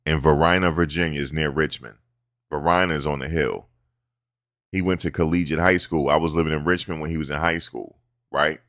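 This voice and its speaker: Very deep-voiced man ranting about football. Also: a little fast, no room sound, clean studio sound. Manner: animated, profane, mocks players' interview voices. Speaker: sports commentary host. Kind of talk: casual sports talk.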